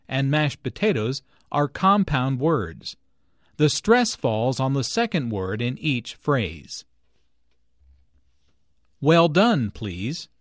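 A man narrating a scripted English lesson and reading dialogue lines, in a clear, deliberate, explanatory way. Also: on the high side, no echo, studio quality.

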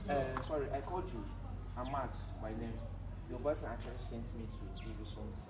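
A man's voice: medium pitch, a little fast, dull audio. A man with a Nigerian accent filming a street prank video, pleading and apologizing as he delivers a package. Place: outdoors on a street. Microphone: handheld camera. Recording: distant voice over loud street noise.

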